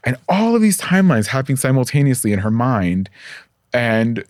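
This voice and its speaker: A man as a podcast guest, telling personal stories in a candid, profane, animated way and acting out the voices he quotes. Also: medium pitch, normal speed, no echo, clean studio sound. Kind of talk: casual conversational storytelling.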